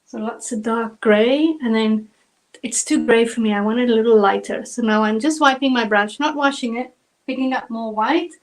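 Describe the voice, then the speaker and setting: A woman's voice: a little high, normal speed, low-quality recording. A woman from South Africa with a South African accent, chatting through a live acrylic painting tutorial step by step. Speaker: painting instructor.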